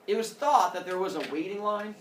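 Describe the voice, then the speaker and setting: A male teacher telling a story to his class in an animated way, acting out characters with sound effects. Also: sits high, fairly quick, a little hiss or hum. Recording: echoey classroom from far off.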